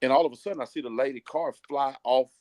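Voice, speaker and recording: A middle-aged man, a pastor, telling a personal story in an interview, earnest and slowing down at the key moments. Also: mid-range voice, a little mellow, no echo.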